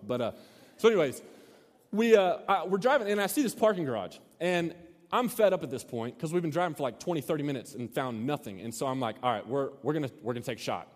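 Animated man telling a sermon story. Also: fairly high pitch, fast. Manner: storytelling, animated, acts out shouts. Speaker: pastor. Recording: long hall reverb.

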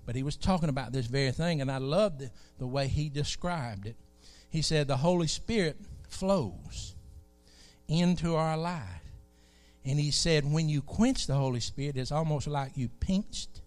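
A man from South Alabama with a Southern accent, preaching a sermon in a folksy, animated way. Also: a little high, moderate pace, soft background music.

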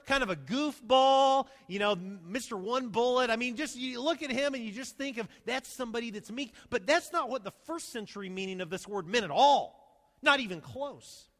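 A man preaching a sermon as pastor, animated, swinging between loud emphasis and soft, slow asides. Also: sits high, big-room sound. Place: church sanctuary.

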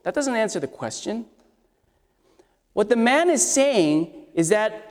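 A male pastor preaching in a church, his voice sitting high for a man. He leans on rhetorical questions and calls out to the congregation. The sound rings with a long reverb through the sanctuary. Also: very animated, takes it slowly, long pauses. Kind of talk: sermon.

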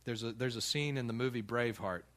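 A man's voice: mid-range voice, quick pace, a bit bright. A man preaching a sermon in a church, talking casually with frequent restarts and light laughter. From United States. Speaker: pastor.

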